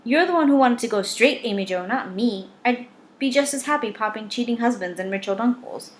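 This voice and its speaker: A woman's voice: a little high, lively intonation, fairly quick, voice pushed up, natural voice. Woman reading an exasperated henpecked hitman. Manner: defeated, exasperated.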